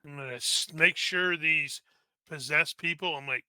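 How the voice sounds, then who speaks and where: A man playing a tabletop game, describing his character's actions in a brisk, decisive way. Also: fairly high pitch, sharp tone, smooth, dry recording, low-quality recording. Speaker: player.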